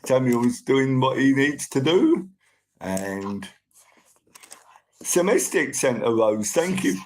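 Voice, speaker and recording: A man's voice: medium pitch, lively intonation, measured pace, slight background noise, poor audio. A man hosting a casual live stream, chatting to viewers and thanking them by name as they join.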